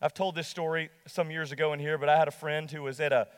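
A pastor preaching a sermon to a congregation, emphatic and slowing down to stress key lines. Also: male voice, fairly high pitch, level tone, clean tone, long reverb tail.

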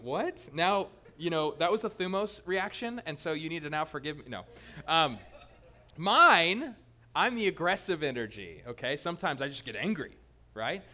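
A male pastor preaching a sermon in a lively, joking way, teasing his congregation. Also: on the high side.

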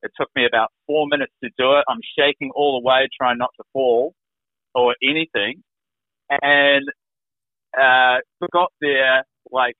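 A man with a mid-pitched voice tells his story to an interviewer in a loose, rambling way, leaning on "like" as he goes. He comes through a narrow, phone-like remote call line that sounds dry and close, with no room around him. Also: no room sound. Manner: rambling, many "like" fillers. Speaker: guest sharing his recovery story.

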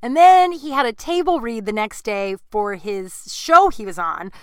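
A woman's voice: a little high, lively intonation, measured pace, a bit bright, clear, resonant tone, no room sound. A woman hosting a podcast, telling candid, crude stories in a rambling way full of "like" and self-mocking asides. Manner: rambling, frank, heavy on "like". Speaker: podcast host. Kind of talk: candid storytelling chat.

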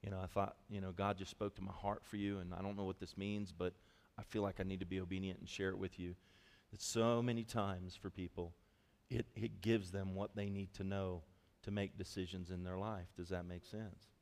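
Pastor guy preaching, kinda low voice, chatty storyteller, big echoey church hall. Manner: storytelling, animated and conversational, quick asides. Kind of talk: sermon.

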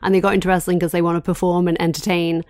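Animated chatty woman podcaster. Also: fairly low pitch, rapid-fire, no room sound, studio quality. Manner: chatty and animated, laughing between points. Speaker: podcast co-host. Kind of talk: casual chat.

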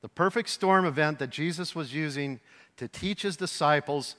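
Man, pastor, sermon, animated, high voice, long hall reverb. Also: unhurried. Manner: animated, acts out voices and shouts for emphasis.

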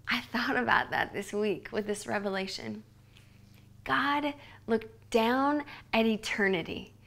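Earnest and conversational, this woman in her thirties teaches a devotional lesson on a podcast, her voice sitting on the high side. She's a Bible teacher who frequently sinks into a quiet hush to stress a point.

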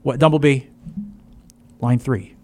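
An actor playing a touchy male radio host who talks fast and gets indignant. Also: medium pitch, fairly even intonation, darkish tone, lightly acted. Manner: quick, indignant, blustering. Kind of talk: improvised comedy radio show.

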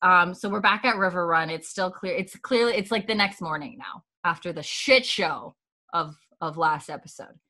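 A woman's voice: fairly low pitch, normal speed, sharp tone. A woman from Canada, a podcast co-host recapping a TV episode in casual chat, laughing often and acting out lines. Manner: chatty, laughs often, acts out quoted lines.

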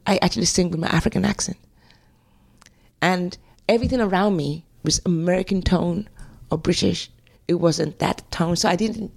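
A woman's voice: on the low side, vocal fry. A middle-aged woman with a Nigerian accent, telling stories as an interview guest and acting out quotes. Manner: animated storyteller who scats and acts out quotes. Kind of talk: conversational interview storytelling.

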